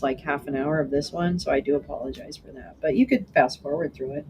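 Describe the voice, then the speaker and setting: A woman's voice: low-pitched, fairly even intonation, a little fast, noisy background. A woman hosting a live stream, chatting casually with viewers and answering their comments in a meandering way with frequent restarts.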